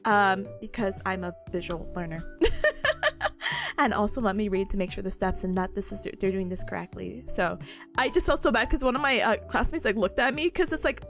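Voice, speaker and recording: A woman's voice: mid-range voice, a little fast, faint music behind. A young woman chatting casually to live viewers, telling a story with many fillers and restarts and giggling often. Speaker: study streamer.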